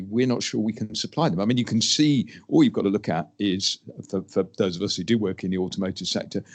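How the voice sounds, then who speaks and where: A man speaking on an industry panel, measured and emphatic, acting out short quotes. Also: fairly low pitch. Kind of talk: panel discussion.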